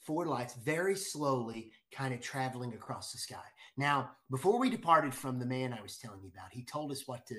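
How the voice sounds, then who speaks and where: Excitable man telling a story. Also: mid-range voice, a little fast, few pauses. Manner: excited, many restarts and repeated words. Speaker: guest storyteller. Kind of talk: animated storytelling.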